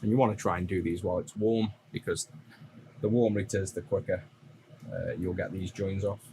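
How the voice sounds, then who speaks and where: A man's voice: deep voice, a little fast, background noise. A man with a Stoke-on-Trent accent, chatting casually with his stream audience while he solders. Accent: Stoke-on-Trent (Potteries). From Stoke-on-Trent, England. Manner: relaxed and rambling, answering chat as he works. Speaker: streamer repairing retro consoles.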